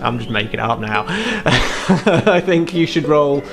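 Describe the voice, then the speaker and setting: A man narrating a tabletop game as game master, relaxed and descriptive. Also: a little high, measured pace, creaky, over music.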